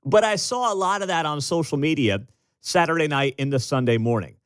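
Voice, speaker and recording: Fairly high-pitched and smooth, with no echo from the dry studio mic, an American man hosts talk radio at a fairly quick pace. He's animated and emphatic, pushing his opinions through storytelling and acted-out quotes.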